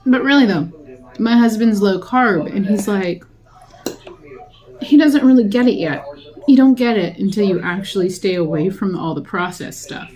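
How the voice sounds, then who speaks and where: A woman's voice: mid-range voice, expressive, moderate pace, a little mellow. A young adult woman vlogging casually while eating, rambling and chatty, often laughing.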